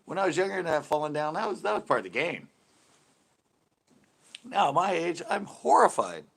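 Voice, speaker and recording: A man's voice: fairly high pitch, lively intonation, moderate pace, vocal fry, a bit bright, slightly rough. A middle-aged man hosting a live stream, chatting casually, laughing often and swearing lightly.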